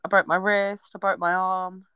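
A woman's voice: medium pitch, level tone, moderate pace, pushed and bright, clean tone, no room sound, dull audio. A woman, co-hosting a podcast in giggly, rambling casual chat. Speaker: podcast co-host.

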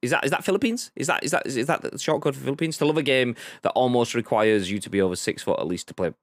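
A man's voice: medium pitch, fast talker, dry recording, clean studio sound. A man co-hosting a casual live-streamed podcast, rambling, swearing freely and reading chat messages aloud. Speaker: podcast co-host.

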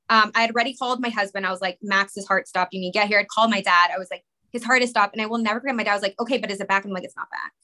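Bright-voiced woman telling an emotional story. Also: mid-range voice. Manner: rushed, rambling, many "like" fillers. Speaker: podcast guest, mother. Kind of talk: emotional personal story in conversation.

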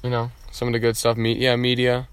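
A teenage boy co-hosting a casual podcast, talking in a relaxed way with lots of fillers. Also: mid-range voice, brisk, clean tone, no echo. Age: teens. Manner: laid-back, filler-heavy teen talk. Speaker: podcast co-host. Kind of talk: casual chat.

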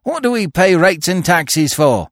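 A man's voice: low voice, wildly swooping pitch, unhurried, vocal fry, dry recording, clean studio sound, voice pushed down, exaggerated voice. A man voicing a cheeky young pickpocket who exclaims and protests with feigned cheer and indignation. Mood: indignant.

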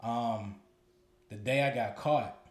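Man, 30s, middle pitch, profane storyteller, echoey room. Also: takes it slowly. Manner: loose, profane, repeats words as he thinks. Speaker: podcast co-host. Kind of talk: candid storytelling chat.

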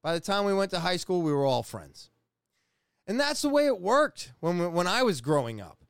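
A man in his forties from New England telling a personal story in a casual, profane, animated way, often restarting his sentences. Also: high-pitched, normal speed, clean tone, dry recording, clean studio sound. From New England, USA. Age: 40s.

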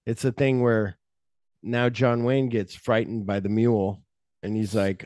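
Animated man retelling movie scenes. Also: a little slow, no echo, studio quality. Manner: animated retelling, jumps into high-pitched quoted voices. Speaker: podcast co-host. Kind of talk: casual movie discussion.

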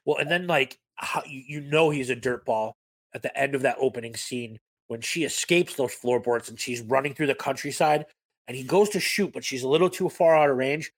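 A male podcast co-host chats about movies with energy and lots of swearing, quoting scenes in put-on voices. His medium-pitched voice is fairly quick, with no room sound.

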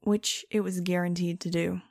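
Gravelly, wisecracking female audiobook narrator. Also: lowish voice, little pitch movement, moderate pace, a little mellow, no echo, clean studio sound. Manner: sarcastic, wisecracking and conversational. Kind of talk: first-person audiobook narration.

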